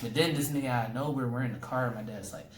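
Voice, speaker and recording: A man's voice: mid-range voice, quick pace. A young man, a comedian, telling a comic story in casual talk and acting out the people in it with sudden jumps in his voice. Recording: echoey room with faint ambient noise.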